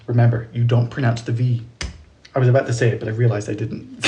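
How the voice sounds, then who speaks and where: A man's voice: mid-range voice, fairly quick, a little mellow, slight background noise. A man in his twenties chatting playfully through a live cooking stream, reading viewer comments aloud with a joke for each. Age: 20s. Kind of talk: casual live-stream chat while baking.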